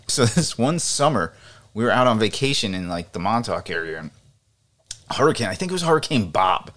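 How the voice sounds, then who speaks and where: A man co-hosting a podcast, telling a casual story with animated asides and frequent laughter. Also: fairly low pitch, fairly quick. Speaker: podcast co-host.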